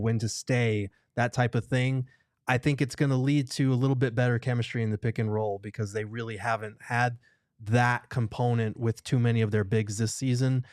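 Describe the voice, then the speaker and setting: Measured man analyzing basketball. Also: medium pitch, darkish tone, no echo, studio quality. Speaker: sports show host. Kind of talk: casual sports talk.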